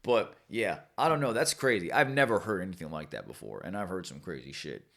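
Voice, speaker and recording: A man's voice: low-pitched, animated, a little fast, gravelly, sharp tone. A young man hosting a podcast, reading out odd news stories and riffing on them casually, often laughing and tripping over long words. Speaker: podcast host. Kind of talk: casual comedic commentary on news.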